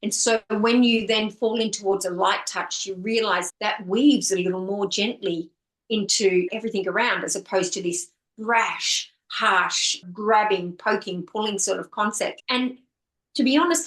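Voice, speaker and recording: A woman author, interviewed as a guest, speaks at medium pitch with a slightly bright voice, earnestly and fluidly, often stringing words into lists in a reflective conversation. The recording is low quality and roomy.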